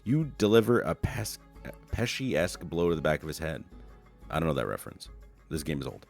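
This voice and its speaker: A man's voice: very deep voice, lively intonation, fairly quick, vocal fry, darkish tone, soft background music. A man streaming an old online game, reading its text aloud with wry, playful remarks. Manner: wry, playful, reads quotes in funny voices.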